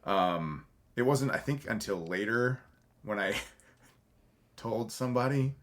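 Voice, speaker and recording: A man's voice: mid-range voice, expressive, slow pace. A man, a podcast guest and actor, talking candidly and rambling, correcting himself, swearing freely and laughing through his stories. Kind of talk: candid conversational interview.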